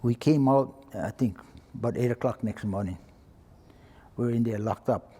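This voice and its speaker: This man in his eighties, a retired fire chief with a Hawaiian Pidgin-touched accent, tells an old story without frills and mimics quoted voices for an oral history. His mid-range voice is dark with a breathy edge at a moderate pace, and the room sounds large.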